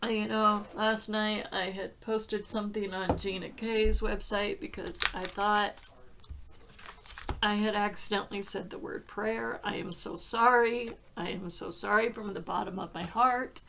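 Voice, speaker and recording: Slow, gravelly-voiced woman crafter. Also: mid-range voice, fairly even intonation, background noise. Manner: chatty, heartfelt, laughs often. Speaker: card-making crafter. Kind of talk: casual crafting vlog chat.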